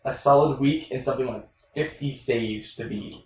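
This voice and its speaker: A man's voice: medium pitch, moderate pace, a little mellow. A distracted, chatty co-host talks while he plays a game. He sounds distant in a roomy space, and his voice is dull and lo-fi. A faint noise hums behind him. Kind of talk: casual chat.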